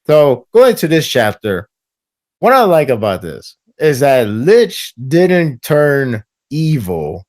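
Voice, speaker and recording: Man, podcast guest, casual chat, animated, laughs often, playful voice mimicry, middle pitch. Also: slow pace.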